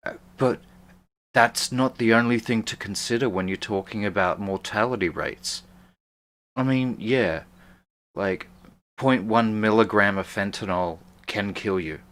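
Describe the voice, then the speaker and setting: A man's voice: lowish voice, fairly bright tone. A man co-hosting a casual talk show who argues bluntly and swears. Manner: blunt, profane, argumentative. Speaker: co-host. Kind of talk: casual chat.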